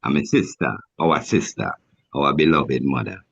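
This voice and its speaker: A man's voice: a bass voice, lively intonation, moderate pace, vocal fry, crowd noise. A man speaking as a council elder, offering a fervent devotional blessing over a video call. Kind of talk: warm spiritual affirmation. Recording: dull dry video-call audio.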